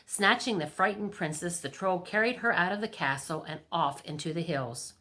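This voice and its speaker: A woman reads a fractured fairy tale aloud for a library storytime. Her slightly low voice stays lively and expressive. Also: normal speed.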